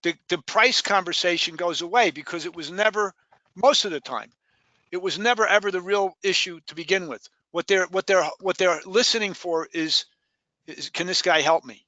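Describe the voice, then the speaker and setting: A sales trainer with a high, bright voice coaches a group of new sales hires in a live training session. He speaks emphatically at normal speed, repeats key points for weight, and often stops to ask questions. The sound is dry and close, with little room and no echo.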